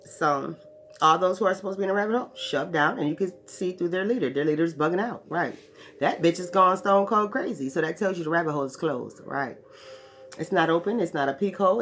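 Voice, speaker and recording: A woman's voice: fairly low pitch, a bit bright, a little hiss or hum. A woman teaching spiritual ideas to her followers in a profane, emphatic monologue, often checking in with "right". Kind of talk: preaching monologue.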